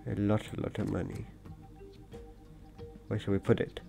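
A man's voice: fairly low pitch, completely flat delivery, normal speed, creaky, pauses often, music in the background. A man giving rambling, jokey let's-play commentary, chatting to the creatures in his game. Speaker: gaming video creator.

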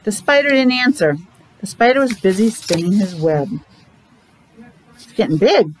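A woman's voice: mid-range voice, moderate pace, a little hiss or hum, poor audio. A woman teacher reading a picture book aloud to young children, stopping often to explain the story. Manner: animated storytelling, stops to explain to young listeners.

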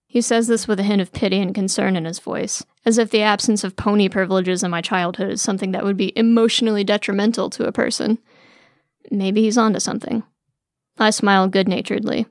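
A woman reads a first-person story in a wry, weary, sardonic voice. Her voice sits in an ordinary middle range with a gravelly fry. The sound is close and dry, with no room around it. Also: medium pitch, fairly even intonation, a little fast, no room sound. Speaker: narrator.

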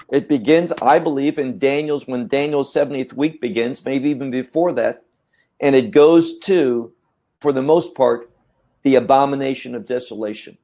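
A man teaching scripture in a measured, emphatic way, often repeating words as he thinks. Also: mid-range voice, warm tone. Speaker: Bible teacher. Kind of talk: teaching talk.

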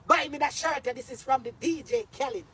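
Shouting high-voiced Jamaican man. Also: brisk. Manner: loud, cursing, often shouting. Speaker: social media personality. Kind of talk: angry livestream rant.

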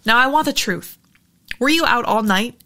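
A woman's voice: a little high, a little fast, vocal fry, a bit bright. A woman reading the part of an anxious, demanding mother in an audiobook, with an insistent questioning manner. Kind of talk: audiobook character voice.

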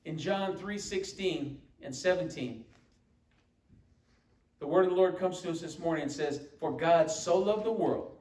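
A man's voice: a little high, unhurried, darkish tone. Emphatic male pastor in echoey church. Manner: emphatic, quoting scripture with call-and-response. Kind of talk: sermon. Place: church sanctuary. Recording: echoey church room from far off.

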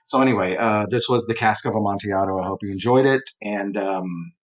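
A man's voice: on the low side, brisk, rough recording. A man teaching a literature lesson in a casual, rambling way, with lots of fillers as he retells a story. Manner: rambling, conversational, many fillers.

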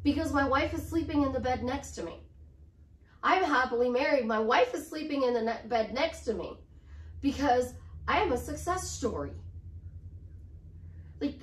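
A middle-aged woman life coach chatting to camera in an upbeat way, repeating affirmations with chatty asides. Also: high-pitched. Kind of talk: casual motivational talk to camera. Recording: roomy sound, distant from the mic.

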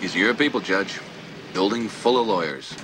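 A man's voice: on the low side, lively intonation, normal speed, heavy background noise, natural voice. An actor playing a teasing, wisecracking sidekick who needles his older partner. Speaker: judge's sidekick.

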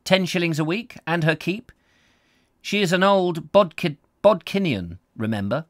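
A man's voice: on the high side, animated, unhurried, dry recording, studio quality, voice pushed up. A man reading aloud, voicing a curt, defensive woman who runs a hospital kitchen and answers sharply. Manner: short, snappish replies.

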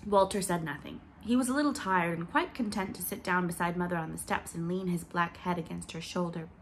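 Woman reading a storybook, low and gentle. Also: fairly quick, a little hiss or hum. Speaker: audiobook reader. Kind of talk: storybook narration.

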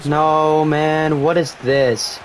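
A young man giving live commentary on his own video game, talking casually, swearing, and yelling at big plays. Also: on the high side, flat delivery, very slow. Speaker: gaming streamer.

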